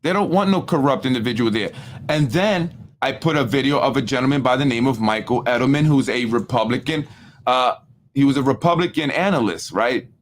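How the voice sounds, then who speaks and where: A man hosting a casual political commentary show, animated and repetitive, often asking "right?" and acting out what others said. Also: mid-range voice, a little fast. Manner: animated, repetitive, with frequent tag questions; acts out other people's speech in quoted voices. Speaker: political talk show host.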